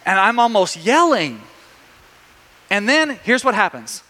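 A man preaching a sermon, telling a story in a lively way with many restarts. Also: high-pitched, measured pace, long reverb tail.

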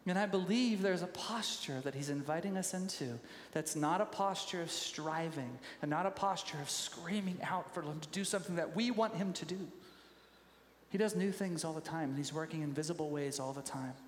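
A man preaching a sermon as pastor, animated, and now and then acting out quoted voices in sudden loud bursts. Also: a little high, normal speed, slight background noise. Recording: echoey hall with faint ambience.

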